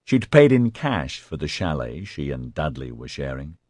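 A male narrator with a very deep voice that rises and falls with lively intonation. He tells the story expressively, with a dramatic touch. The read is close and dry, with no room echo. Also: moderate pace. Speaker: audiobook narrator. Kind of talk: scripted narration.

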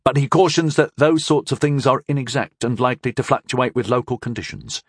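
A man voicing a male interpreter who relays a message in a measured, matter-of-fact way. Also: medium pitch, dry recording, studio quality, close to an everyday voice.

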